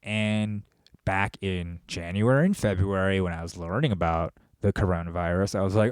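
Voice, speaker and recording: A man hosting a podcast, delivering a profane, rambling, animated monologue. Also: sits low, normal speed, smooth, no echo, clean studio sound. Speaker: podcast host. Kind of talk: casual monologue.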